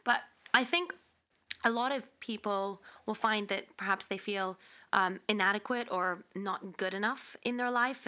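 A woman with a bright, clear tone hosts an interview. She asks measured, thoughtful questions and often answers her guest with easy agreement. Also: medium pitch. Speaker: host. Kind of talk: conversational interview.

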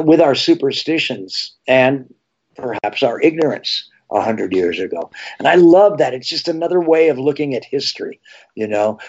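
A man, an actor and horror TV host, telling rambling animated anecdotes in a casual interview. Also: a little high. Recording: slightly dull lo-fi sound.

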